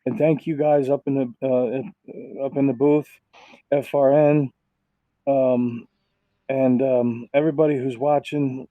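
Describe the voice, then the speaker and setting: A man, a race car driver, giving rambling, heartfelt thanks and shout-outs with lots of fillers on a racing broadcast. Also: medium pitch, flat delivery, unhurried, no room sound, narrow, tinny audio.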